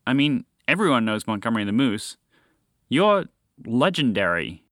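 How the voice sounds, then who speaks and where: In studio-quality audio with no echo, a man with a mid-range, slightly bright voice speaks at normal speed with big pitch swings. He voices a small, impatient chocolate lab in a storybook tale, sounding judgmental, exasperated, condescending and matter-of-fact.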